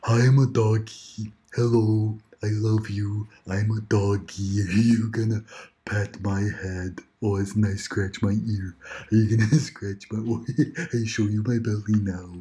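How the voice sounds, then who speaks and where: A man voicing a goofy, affectionate talking pet dog in slow, simple-minded speech, eager to be petted. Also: on the low side, flat delivery, dark tone, close to an everyday voice.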